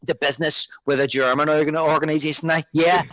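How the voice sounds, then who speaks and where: This man talks fast in a higher register while co-hosting a podcast, breaking into film quotes in character as he discusses the movie. His delivery is animated, and the audio has no echo but sounds rough.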